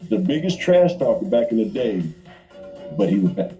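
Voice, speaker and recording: Man, former player, easygoing talk-show chat, very dark mellow tone. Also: mid-range voice, big pitch swings, normal speed, highs cut off, soft background music. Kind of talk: casual talk on a sports show.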